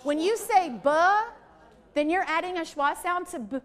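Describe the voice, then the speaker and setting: A middle-aged literacy trainer with a high voice leads a workshop for teachers. She speaks a little fast and sounds lively while modeling letter sounds for the room.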